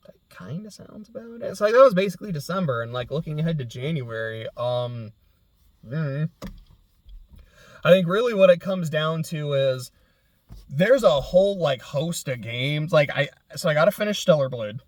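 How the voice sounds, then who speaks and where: A young man chatting casually on his own show, rambling and correcting himself often, his voice trailing off quietly at the ends of thoughts. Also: fairly high pitch, animated, normal speed, no echo. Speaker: podcast host. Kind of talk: casual solo chat.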